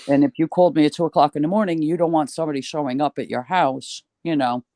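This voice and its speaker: A man's voice: fairly high pitch, fast, dry recording. Chatty older man from New York. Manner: chatty storyteller, lively and swearing now and then. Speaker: guest. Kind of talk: casual chat.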